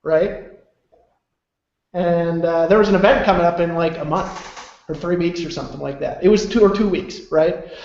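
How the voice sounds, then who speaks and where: A man's voice: fairly high pitch, moderate pace, creaky, pauses often, darkish tone, echoey room, dull audio. A man presenting on a webinar, telling a motivational story in a loose, chatty way and often asking "right?" for agreement. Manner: loose and chatty with many fillers.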